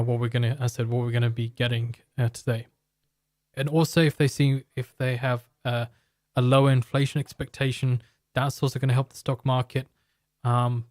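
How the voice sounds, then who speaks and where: A man's voice: medium pitch, darkish tone, dry recording, clean studio sound. A man hosting a live market stream, explaining in a loose, rambling way and joking with chat viewers. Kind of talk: live market commentary and product pitch.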